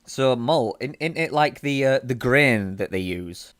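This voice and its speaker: Drunk bloke on a podcast, swears a lot, rambles, dry mic. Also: male voice, medium pitch, animated, a little slow, fairly bright tone, no echo. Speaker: podcast co-host. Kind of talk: casual chat.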